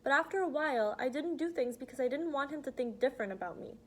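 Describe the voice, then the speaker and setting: A woman reading aloud as an earnest, frank teenage girl who talks softly but insistently. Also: high voice, lively intonation, fast. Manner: earnest, pleading, soft-spoken. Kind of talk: audiobook reading.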